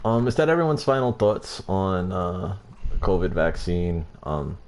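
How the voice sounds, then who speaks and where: Deep-voiced man hosting a casual podcast. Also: measured pace, a little mellow. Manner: laughs often, swears casually. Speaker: podcast co-host. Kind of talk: casual chat.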